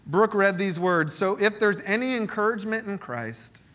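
Brief: male pastor, high and bright tone, lively storytelling sermon. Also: moderate pace. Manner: storytelling, joking, animated. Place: church meeting space.

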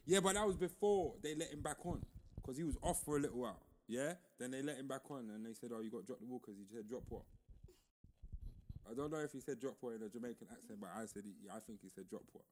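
A man co-hosting a podcast, chatting casually and telling loose, animated stories full of slang. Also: medium pitch, fast talker, a little hiss or hum. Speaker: podcast co-host. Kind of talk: casual chat.

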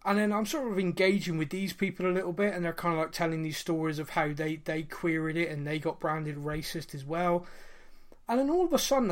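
A man in his late thirties, co-hosting a podcast and telling a personal story in an earnest, reflective way, with many fillers and restarts. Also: a little high. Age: 30s. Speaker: podcast co-host. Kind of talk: casual podcast chat.

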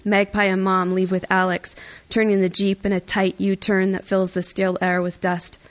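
A woman reading a first-person audiobook in a tense, even storytelling voice. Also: mid-range voice, normal speed. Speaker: audiobook narrator. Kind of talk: first-person scripted narration.

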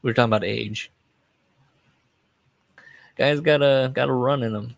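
Gravelly, rambling male podcaster. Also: mid-range voice, moderate pace, pauses often, no room sound. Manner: rambling and digressive, trails off and restarts; chuckles at his own asides. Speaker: podcast host. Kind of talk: casual solo podcast chat.

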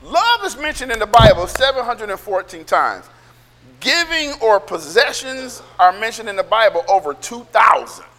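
A man preaching a sermon, loud and emphatic, almost yelling, and calling for amens from the congregation. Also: sits high, big pitch swings, normal speed, long reverb tail. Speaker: pastor.

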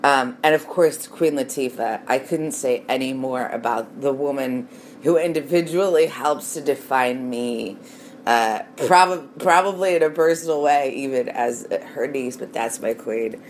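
A woman's voice: rumbling low, unhurried, slight background noise. A woman in her late thirties talking in a loose, meandering monologue, laughing often and trailing off. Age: 30s. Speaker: monologue speaker. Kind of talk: rambling casual monologue.

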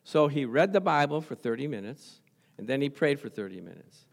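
A man's voice: mid-range voice, lively intonation, fairly quick, gravelly. A middle-aged man preaching a sermon as pastor, conversational and chuckling often, with frequent "praise the Lord".

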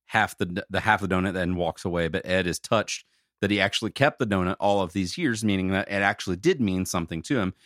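A man's voice: low voice, fast talker, a bit bright, dry recording, studio quality. A man co-hosting a casual podcast, recapping a cartoon episode in a rambling way with lots of fillers. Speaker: podcast co-host.

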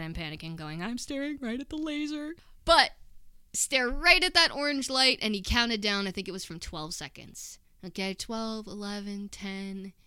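Young adult woman, animated storyteller who acts out quotes. Bright, smooth voice, dry close sound. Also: on the high side, no room sound. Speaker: interviewee. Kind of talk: casual storytelling.

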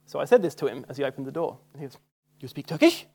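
A man's voice: medium pitch, very fast, creaky, mellow, husky. A young Australian man preaching a sermon in a casual, self-mocking storytelling way. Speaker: church speaker. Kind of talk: sermon with personal stories.

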